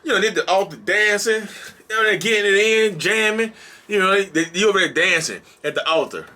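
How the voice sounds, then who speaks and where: A male mental health vlogger talking straight to camera in a casual, energetic, preachy and colloquial way. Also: fairly high pitch, fairly quick. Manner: energetic and bouncy. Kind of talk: casual direct-to-camera vlog.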